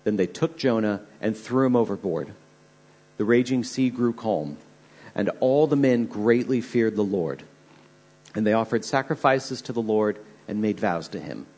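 Husky-voiced male preacher. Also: fairly low pitch, darkish tone. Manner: earnest, dramatic storytelling. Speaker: pastor. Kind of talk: sermon.

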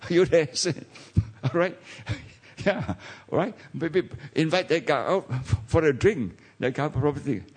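A man's voice: on the high side, a little slow, breathy edge. A man with a Malaysian English accent preaching a sermon as a pastor, talking to the congregation with many rhetorical questions.

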